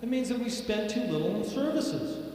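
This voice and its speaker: A man giving a political speech at an evening event, sarcastic and emphatic, his voice fairly high. He sounds distant, washed in the echo of a large hall with long reverb. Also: animated, normal speed, mellow. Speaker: political speaker.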